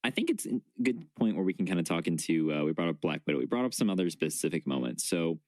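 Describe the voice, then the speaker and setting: A man with a very low voice hosts a podcast and moves his pitch around a lot. He keeps things easygoing and joking as he leads the group into the next topic. The sound is close and dry. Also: darkish tone, no echo. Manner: joking, easygoing, steering the talk. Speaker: podcast host. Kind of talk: casual podcast chat.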